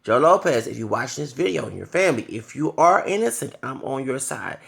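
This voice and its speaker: This thirties-aged vlogger's mid-range voice is gravelly and a bit bright, animated and brisk. He's delivering an angry, expletive-filled rant to camera, occasionally breaking off to apologize for his swearing.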